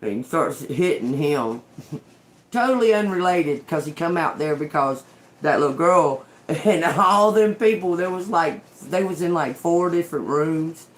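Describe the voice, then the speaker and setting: A woman's voice: deep voice, animated, unhurried. A middle-aged woman telling a story in casual chat, swearing freely and breaking into laughter. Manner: profane, laughs often while telling. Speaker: tarot reader and channel host.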